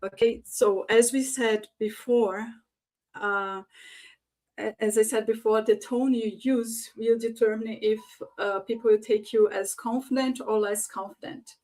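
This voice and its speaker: A woman's voice: a little high, fairly even intonation, unhurried, a little mellow. A woman giving an online conference presentation on voice and leadership, talking with many fillers and acting out sample phrases in different tones. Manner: frequent fillers, demonstrates phrases in varied tones. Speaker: conference speaker.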